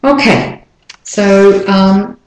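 A woman teaching pronunciation, slowly modelling each word and checking in with a rising "yeah?". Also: mid-range voice. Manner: slow, carefully drawn-out model words. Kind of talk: slow pronunciation lesson. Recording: echoey room.

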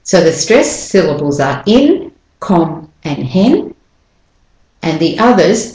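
A woman's voice: fairly low pitch, lively intonation, a little slow, a little mellow. A woman teaching English pronunciation, sounding out syllables one by one and repeating each word several times. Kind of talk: slow, deliberate pronunciation lesson. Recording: echoey room.

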